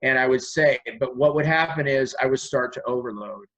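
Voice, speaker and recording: A man appearing as a guest on an interview show tells long stories in an earnest, rambling style, acting out the dialogue he quotes. His medium-pitched voice is fairly quick and a bit bright, and the sound is lo-fi.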